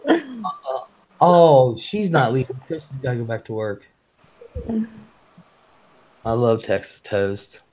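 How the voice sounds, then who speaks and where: A man hosting a casual live stream. He talks fast, swears freely and reads chat messages aloud. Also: mid-range voice, lively intonation, darkish tone, slight background noise.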